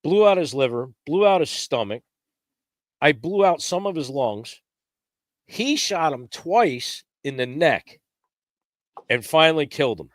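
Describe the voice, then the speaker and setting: A man telling a lively, casual story as a podcast guest, raising his pitch when he acts out what others said. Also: unhurried, long pauses, no room sound, studio quality.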